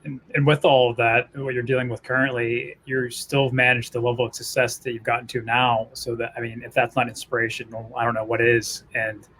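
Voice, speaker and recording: A man's voice: medium pitch, slight background noise, rough recording. A man co-hosting an interview, speaking encouragingly to the guest. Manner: encouraging, fast and even. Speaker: interview co-host. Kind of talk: casual interview chat.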